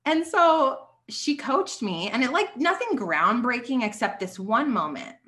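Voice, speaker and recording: A young adult woman telling her faith story on a podcast, animated and chatty with lots of filler words. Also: on the high side, a little slow. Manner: animated storytelling with many likes. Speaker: podcast guest. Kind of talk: casual testimony.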